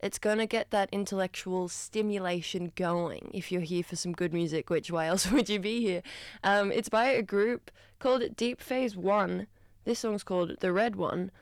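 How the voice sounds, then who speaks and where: A woman's voice: medium pitch, normal speed, dry recording, studio quality. A woman hosting breakfast radio, talking in a chatty, self-deprecating way full of rambling asides. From Australia. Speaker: radio host. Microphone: studio microphone.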